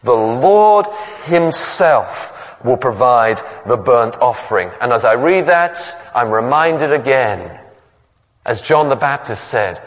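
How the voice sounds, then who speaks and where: A man's voice: medium pitch, sing-song, slow, in a large hall. A man preaching a sermon who tells stories and acts out the voices in them. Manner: storytelling, acts out voices in the anecdotes.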